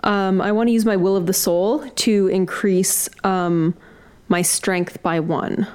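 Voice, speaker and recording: A woman's voice: mid-range voice, fairly even intonation, slow pace, darkish tone, smooth. A woman playing a tabletop game, chatty and a little hesitant. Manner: chatty, hesitant, laughs often. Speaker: player. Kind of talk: casual tabletop play.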